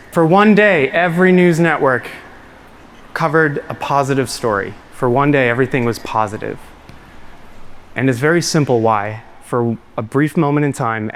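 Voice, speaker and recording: A man giving a keynote talk to a live audience, telling a story in an earnest way and getting choked up. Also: mid-range voice. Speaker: keynote speaker. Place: large hall before a live audience.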